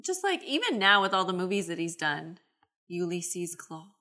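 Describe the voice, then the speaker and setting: A woman co-hosting a podcast, chatting casually with quick, expressive interjections. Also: lowish voice. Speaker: podcast co-host. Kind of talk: casual chat.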